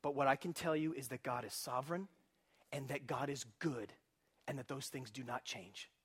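A man preaching a sermon as pastor, animated and humorous, often putting questions to his congregation. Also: mid-range voice, normal speed, husky.

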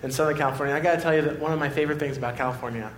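Animated man preaching in an echoey hall. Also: rapid-fire. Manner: animated storytelling, swings between excited and quiet. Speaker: pastor. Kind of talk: sermon. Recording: echoey room with faint rumble.

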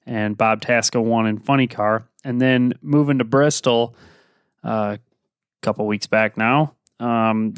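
A man hosts a motorsport podcast and talks through the weekend's results in a loose, rambling way, full of ums and uhs. His voice is smooth and clear at a middling pitch. It sounds close and dry, with no room around it. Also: no room sound. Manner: relaxed, rambling with many fillers. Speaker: podcast host. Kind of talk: casual motorsport recap.

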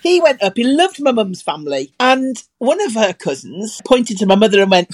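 A woman's voice: unhurried, long pauses, a little hiss or hum. A middle-aged woman co-hosting a casual chat, telling bawdy stories with big swings in her voice. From partly Scottish family. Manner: animated, bawdy storytelling with big swings in pitch. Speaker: podcast co-host.

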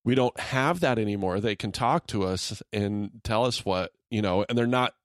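A man's voice: lowish voice, normal speed, no echo, clean studio sound. A middle-aged man co-hosting a podcast in easygoing, rambling casual chat, laughing often. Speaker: podcast co-host.

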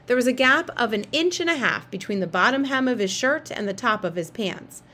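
A woman reads a children's novel aloud, steady and expressive. Her voice sits a touch high for a woman. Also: brisk. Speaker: narrator. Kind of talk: storybook read-aloud.

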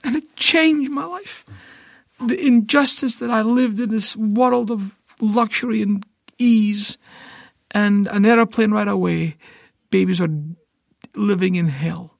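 A man's voice: high voice, fairly even intonation, slow, vocal fry, no room sound, clean studio sound. A middle-aged Scottish man telling an emotional personal testimony, stammering and repeating words as he tells it vividly. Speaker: ministry founder, guest.

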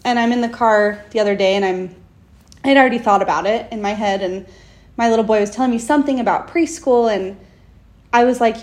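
A young woman co-hosting a casual podcast, speaking in a fairly high voice. She talks earnestly and with enthusiasm, and brightens when she acts out quoted speech. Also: a little fast. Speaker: podcast co-host. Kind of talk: casual chat.

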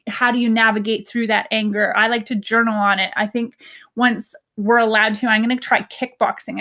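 A woman's voice: fairly high pitch, a bit bright. A young woman talking to her viewers in a casual, earnest way about healing, often laughing and quoting herself. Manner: earnest, chatty, laughs often, quoted asides. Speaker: spiritual self-help vlogger. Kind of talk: casual personal talk to camera.

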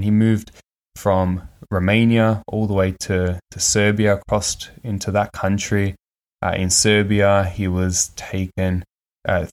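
A man's voice: sits low, darkish tone. A man hosting his own podcast in a casual, candid monologue with frequent fillers. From Australia. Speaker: podcast host.

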